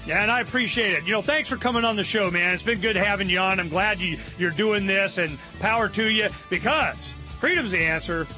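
Guy hosting a radio talk show, high bright voice, goes off on tangents, gets worked up. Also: a little fast, few pauses, faint music behind. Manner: animated, rambling, excitable. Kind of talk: casual political talk radio.

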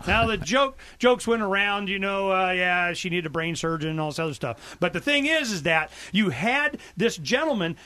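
A man's voice: animated, moderate pace, few pauses, pushed and bright. A man hosting a talk radio show, telling stories and acting out quotes. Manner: storytelling, acts out quotes with big pitch swings. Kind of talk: animated talk radio monologue.

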